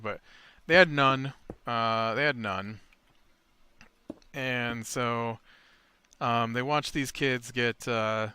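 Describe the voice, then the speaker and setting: In a casual Minecraft let's play, a man retells a tabletop session while building, rambling with many fillers and restarts as he mixes game commentary and storytelling. His medium-pitched voice is sharp, clear and resonant, and the recording is dry.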